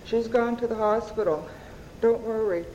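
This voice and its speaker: A woman voicing a kindly, calm female social worker in a soft, soothing way while reading her novel aloud. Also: a little high, moderate pace, in a large hall, muffled recording, slight background noise, lightly acted. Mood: gentle.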